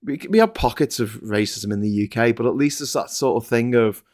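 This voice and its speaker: A British man co-hosting a live online chat show, talking loosely with many restarts and quick laughs. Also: mid-range voice, a little mellow. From United Kingdom. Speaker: co-host.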